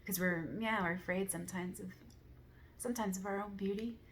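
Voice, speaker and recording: A woman speaking in a soft, earnest, rambling way, full of casual fillers, sharing reflections in a relaxed monologue. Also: medium pitch, brisk, a little hiss or hum. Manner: soft, rambling, many "like" fillers, gentle laughs; earnest, affirming. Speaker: spiritual vlogger.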